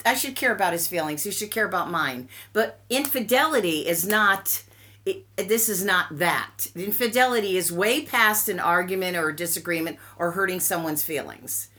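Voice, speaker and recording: An older woman chatting casually, telling a family story with emphatic, animated delivery. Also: lowish voice, normal speed. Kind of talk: casual chat.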